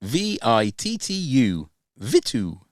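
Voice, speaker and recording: A man hosting a podcast quiz in casual banter, teasing his guests, spelling words out slowly and laughing often. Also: mid-range voice, wildly swooping pitch, dry recording, studio quality. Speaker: podcast host running a quiz.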